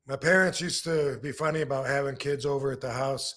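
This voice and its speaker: A man's voice: medium pitch, steady tone, a little fast, fairly bright tone. A man in his fifties from Michigan hosting a podcast, telling stories casually with many restarts and fillers. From Michigan, USA. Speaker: podcast host. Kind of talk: casual storytelling.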